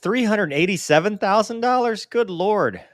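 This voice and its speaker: A high-voiced man in his forties reads viewer mail on a laid-back live Q&A, joking about himself in an animated, self-deprecating way. His pace is moderate, and the studio-quality audio carries no echo.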